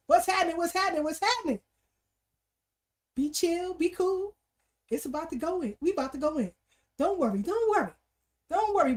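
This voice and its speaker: A woman hosting a casual livestream, greeting viewers by name and repeating her greetings in threes with street slang. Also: very high voice. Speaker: livestream talk show host.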